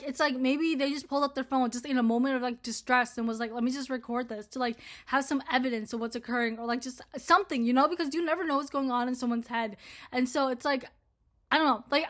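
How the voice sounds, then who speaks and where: Young woman vlogger, high voice, profane rambling rant to camera. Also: steady tone, fast talker, a bit bright. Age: 20s. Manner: profane, rambling, heavy filler words. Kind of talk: casual ranting commentary to camera.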